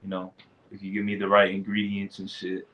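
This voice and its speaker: A man's voice: deep voice, monotone, brisk, fairly bright tone, a little hiss or hum. A young man co-hosting a podcast in casual chat, swearing and trailing off into mumbles, on a call. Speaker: podcast co-host.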